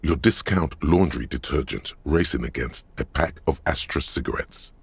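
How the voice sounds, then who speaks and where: An actor voicing a wry male game narrator, telling the story in the second person with a measured, sardonic delivery. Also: very deep voice, breathy edge, no echo, full character voice. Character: deep-voiced male narrator, dry and wry. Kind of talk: scripted voiced narration.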